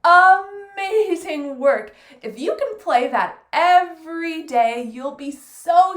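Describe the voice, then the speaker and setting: A woman's voice: fairly high pitch, echoey room. A woman teaching a fiddle lesson, patiently counting beats aloud and praising often. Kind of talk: encouraging music lesson.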